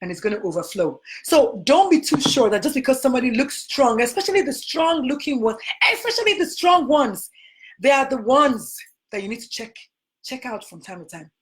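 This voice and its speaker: A woman's voice: sits high, lively intonation, a little fast. Emphatic Nigerian woman, preacherly. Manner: preacherly, emphatic, repeats phrases. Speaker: physician host. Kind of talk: motivational talk.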